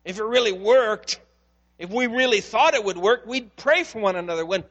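A man's voice: high voice, lively intonation, moderate pace, fairly bright tone, lo-fi sound. A male pastor preaching a sermon in a church, speaking earnestly and putting questions straight to the congregation.

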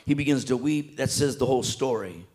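A man preaching a sermon with passion, swinging between loud emphatic peaks and hushed soft passages, in colloquial everyday speech. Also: mid-range voice, brisk. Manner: colloquial, with repetitions and restarts.

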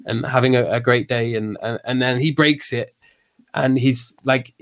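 A man's voice: mid-range voice, steady tone, moderate pace, a bit bright. A man explaining ideas in casual conversation, full of restarts and fillers, raising his voice when he acts out quotes. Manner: hesitant, many restarts and fillers; acts out quoted lines with raised voice.

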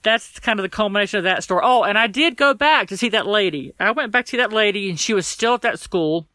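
Blunt, bright-voiced woman telling her story. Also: medium pitch, fast, dry recording. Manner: blunt and profane, acts out quoted exchanges; emotional, close to tears. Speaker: guest storyteller. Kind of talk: personal storytelling in a podcast interview.

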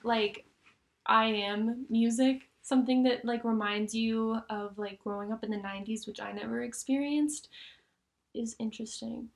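Young woman, podcast co-host, casual chat, slightly high-pitched, lots of "like". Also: steady tone, normal speed, vocal fry. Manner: chatty, many "like" fillers, enthusiastic.

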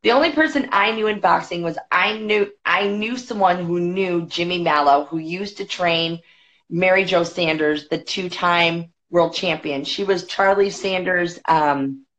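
A woman guest on a podcast, telling a story in a chatty, quick way with many fillers. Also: on the low side, a bit bright. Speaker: podcast guest, boxing federation executive. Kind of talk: casual storytelling. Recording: dull lo-fi podcast audio.

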